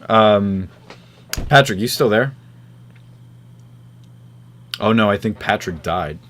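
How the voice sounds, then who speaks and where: A man's voice: lowish voice, animated, slow, a bit bright. A man from the New York area hosting a casual podcast chat, rambling and swearing freely with lots of fillers. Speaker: podcast host. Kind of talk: casual chat over a call.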